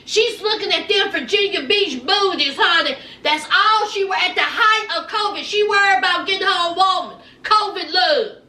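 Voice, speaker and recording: Sassy high-voiced woman recapping gossip. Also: normal speed, hardly any pauses, far from the mic. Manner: sassy, animated, acts out quotes, calls listeners honey and child. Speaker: reality TV recap host. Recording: echoey room, off mic.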